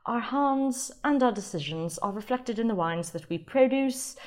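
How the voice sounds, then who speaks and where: A woman's voice: on the high side, expressive, moderate pace, pitched above the performer's own voice, close to an everyday voice. A woman putting on a mock British reading voice. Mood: mock posh. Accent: put-on British.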